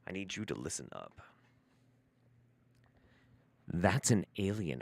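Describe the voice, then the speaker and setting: A man's voice: deep voice, sing-song, slow, vocal fry, pauses often, a little mellow, slight background noise. A man hosting a live stream, reacting to a video with sarcastic, profane, mocking commentary.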